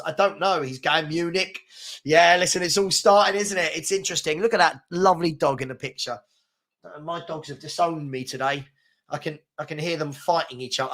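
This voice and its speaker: A man's voice: fairly high pitch, a bit bright. A man hosting a casual live football chat, reading out viewer comments in a rambling, slangy way and repeating himself. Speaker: football chat show host.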